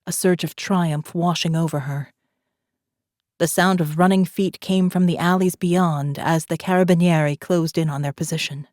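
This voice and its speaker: A woman narrating a thriller audiobook in a steady, measured reading voice, close to a studio mic. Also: on the low side, no room sound. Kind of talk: scripted narration.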